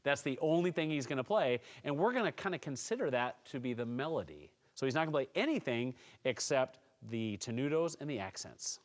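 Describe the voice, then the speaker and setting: A man talking through a snare drum tutorial at a steady, mid-range pitch. He explains each point calmly and patiently, encouraging students as he goes. It sounds like a plain teaching session. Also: fairly quick, few pauses, slight background noise. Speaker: music teacher. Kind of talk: instructional tutorial.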